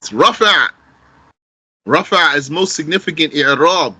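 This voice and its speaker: A man teaching an Arabic grammar class in English, explaining terms slowly, repeating key phrases and quizzing his students. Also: a little high, sharp tone, husky, low-quality recording.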